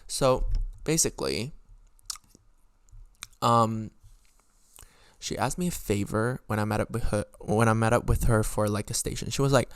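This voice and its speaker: A young man hosting a podcast, telling a story in an animated, swearing monologue full of sudden indignant jumps in pitch. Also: moderate pace, pauses often, clear, resonant tone, no room sound, studio quality. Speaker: podcast host.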